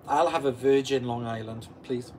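A Welsh man in his forties hosts a live stream, reading viewer comments aloud and answering them one by one. His voice sits at an ordinary pitch, and there is a faint background hiss. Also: a little mellow. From Wales. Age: 40s. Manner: chatty, reads out and answers comments. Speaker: channel host.

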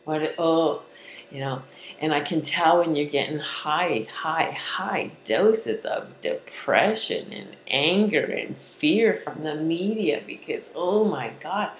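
A woman speaking as a spiritual healer in a casual vlog, earnest and rambling, often dropping into soft whispers. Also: low voice, expressive, takes it slowly, roomy sound, rough recording.

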